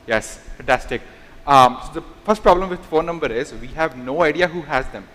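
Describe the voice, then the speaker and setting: A man's voice: on the high side, expressive, fairly bright tone. Hesitant man presenting in a reverberant hall. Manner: halting start with many "um"s and "okay"s. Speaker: startup founder giving a talk. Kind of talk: conference presentation. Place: large conference hall.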